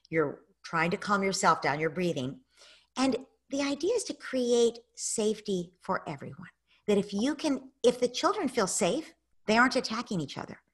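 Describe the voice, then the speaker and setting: A woman's voice: mid-range voice, breathy edge. An American woman, a parenting expert, answering audience questions in an online masterclass and animatedly acting out parents and kids. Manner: animated, acts out parents and kids in quoted lines.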